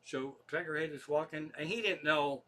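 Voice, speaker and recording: A man's voice: a little high, moderate pace, a bit bright, slight background noise. A middle-aged man with a Pennsylvania accent, a comedian telling loose, profane stories on a livestream from his living room. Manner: profane, chatty, loose asides. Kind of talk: rambling comic storytelling.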